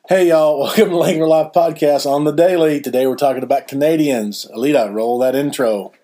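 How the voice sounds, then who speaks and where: A man's voice: mid-range voice, a little fast, dark tone. Man, podcast co-host, joking, loose casual chat. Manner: loose, joking, talks with hesitations.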